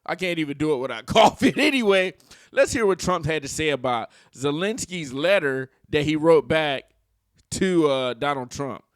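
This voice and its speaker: A man's voice: fairly high pitch, lively intonation, normal speed, smooth, dry recording, studio quality. A man giving casual, opinionated political commentary for his channel, slangy and full of joking asides. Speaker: YouTube commentator.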